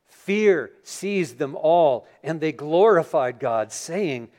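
High-voiced pastor preaching a sermon. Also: male voice, slow pace, hardly any pauses. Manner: animated storytelling, acting out scenes. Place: church sanctuary.

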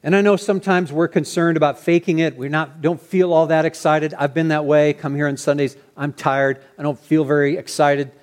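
A man preaching a sermon as pastor, earnest and animated, sometimes restarting his phrases. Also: on the high side, moderate pace, hardly any pauses.

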